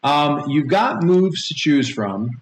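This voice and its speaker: A man's voice: a little high, very animated, slow. A man in his forties running a tabletop game and rambling through rules explanations with many fillers. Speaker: game master. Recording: echoey room with faint noise.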